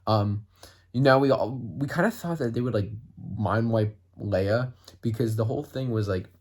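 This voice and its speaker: Excitable rambling male fan reviewer. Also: medium pitch, normal speed. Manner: excitable, rambling, heavy use of "like" fillers. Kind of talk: casual review vlog.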